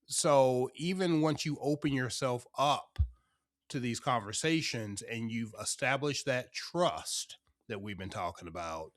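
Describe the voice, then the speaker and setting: A man's voice: mid-range voice, measured pace, no echo. Male podcast host, mid voice, thoughtful and searching, dry recording. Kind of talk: interview conversation.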